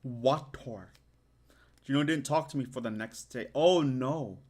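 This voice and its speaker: A man streaming, reading a story aloud and reacting with excited squeals and joking asides. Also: mid-range voice, measured pace. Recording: music playing behind the voice. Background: music.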